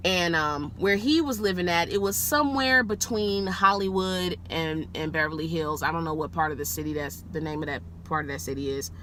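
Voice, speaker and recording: A woman rideshare driver telling a story to the camera from her car, casual and animated, swearing freely and jumping high in pitch when she gets excited. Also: a little fast, few pauses, a little hiss or hum.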